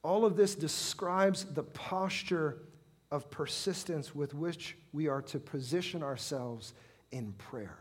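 A middle-aged man preaching a sermon, impassioned, swelling to loud pleading when he acts out prayers. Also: fairly high pitch, slow pace, husky.

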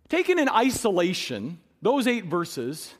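Male preacher, high voice, emphatic sermon delivery with rhetorical questions, long church-hall reverb.

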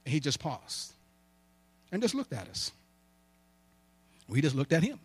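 A man preaching in an emphatic call-and-response style, pressing listeners with "come on" energy and asking questions he answers himself. His voice sits a little high for a man. The sound is dry and close, with no room echo. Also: wildly swooping pitch, unhurried, husky. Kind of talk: sermon with storytelling.

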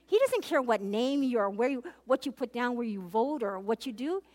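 A Bible teacher with a slightly high, expressive voice of darkish tone speaks at a normal speed. She leads a conversational Bible study, earnestly questioning the audience directly, and frequently repeats and restarts what she is saying.

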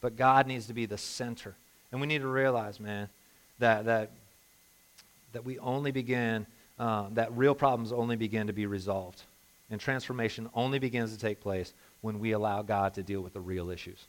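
A man preaching a sermon as a pastor, impassioned, moving between hushed and emphatic delivery. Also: on the low side, fairly even intonation, moderate pace.

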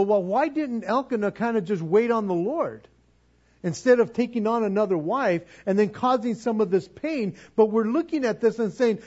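A man delivers a sermon in an easy, conversational way and acts out little asides. His voice sits high and sounds husky. The recording is dull and lo-fi. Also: a little mellow. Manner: conversational, with acted-out asides and repetitions. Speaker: preacher.

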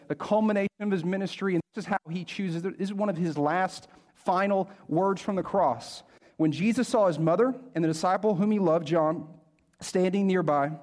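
A man's voice: fairly high pitch, a little mellow. A man preaching a sermon to a congregation in a conversational way, restarting phrases and checking in with the crowd. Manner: conversational, repeats words when restarting, asks the crowd questions. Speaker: pastor.

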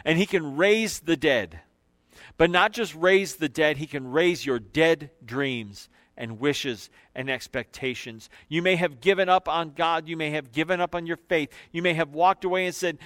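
A man's voice: on the high side, no echo. Man preaching in emphatic cadences. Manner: emphatic, repetitive preaching cadence, slowing and dropping quiet on key phrases; loose asides with fillers between scripture readings. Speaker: pastor. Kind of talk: sermon.

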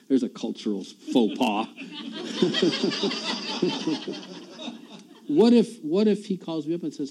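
A man's voice: medium pitch, expressive, unhurried, long pauses, darkish tone, low-quality recording. A man preaching a sermon in a church, talking in a conversational way, often repeating words and chuckling at himself.

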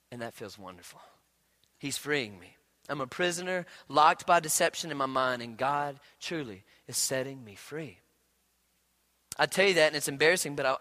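High, bright-voiced male pastor preaching. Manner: swings from hushed storytelling to loud emphatic preaching. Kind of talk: sermon.

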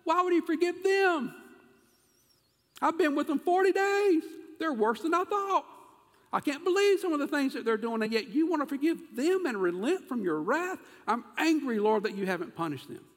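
A preacher putting on an indignant, self-righteous prophet. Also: male voice, very high voice, very animated, normal speed, long reverb tail, pitched above the performer's own voice. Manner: whining, indignant outbursts.

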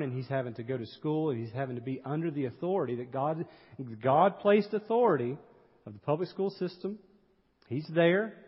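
A middle-aged male pastor delivers an earnest sermon full of rhetorical questions and homely asides. His voice is husky and slightly high. It comes through a dull, muffled recording with a long hall echo.

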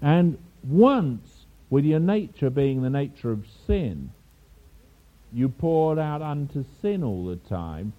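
An older man from England preaches a sermon, mixing teaching with anecdotes and small laughs. His voice swings widely in pitch as he tells the story. The recording is narrow and tinny, like a telephone line. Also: slow pace. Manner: storytelling with asides and laughs, animated. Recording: tinny phone-like sound.

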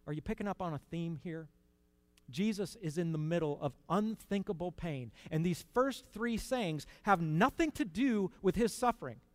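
A man preaching a sermon in an earnest, conversational way, rising to emphatic peaks and dropping to quiet asides. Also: high-pitched, expressive, normal speed, no echo.

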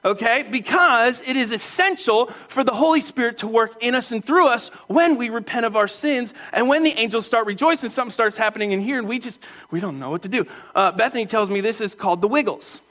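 A man preaching a sermon in a church, animated and playful, acting out voices and calling on the crowd. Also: very high voice, a little fast. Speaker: pastor.

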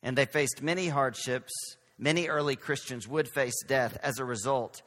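A man's voice: medium pitch, fairly even intonation, normal speed, fairly bright tone, big-room sound. A man from Texas with a light Southern accent, preaching a conversational sermon as pastor, with self-deprecating humor. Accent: Southern American.

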